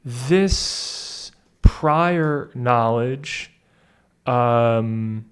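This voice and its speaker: Slow-talking man thinking aloud. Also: mid-range voice, smooth. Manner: thinks aloud, pauses and corrects himself mid-sentence; reads test sentences slowly and deliberately. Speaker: test-prep tutor. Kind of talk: casual walkthrough of a practice test.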